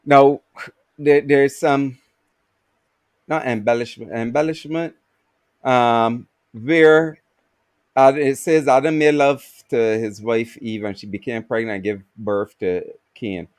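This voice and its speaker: Slow, halting man explaining scripture. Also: mid-range voice, steady tone, no echo. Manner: halting, many fillers and restarts, explanatory. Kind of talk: casual livestream discussion.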